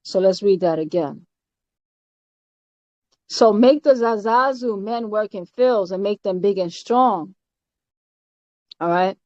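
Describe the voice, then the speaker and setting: A woman giving an informal doctrinal teaching. She is emphatic and halting, with many fillers and repeated words, and often ends her points with "all right?". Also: mid-range voice, darkish tone, no room sound. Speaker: spiritual teacher. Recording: dull, lo-fi, dry recording.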